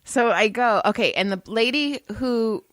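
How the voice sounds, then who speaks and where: A woman's voice: fairly high pitch, a little slow, dry recording. Laughing storytelling woman podcaster. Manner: animated laughing storyteller, swears freely. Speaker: podcast co-host. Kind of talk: casual chat.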